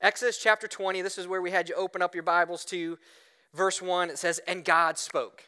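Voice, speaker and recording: A man preaching a sermon as pastor, in a conversational, animated storytelling way, often checking in with "right?". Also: sits high, a little fast, smooth.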